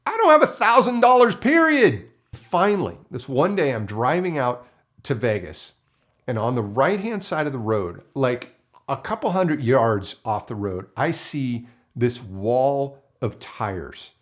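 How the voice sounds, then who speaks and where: Animated man telling a story. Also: mid-range voice, takes it slowly. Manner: animated, acts out the people in his story. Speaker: filmmaker. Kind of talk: storytelling to camera.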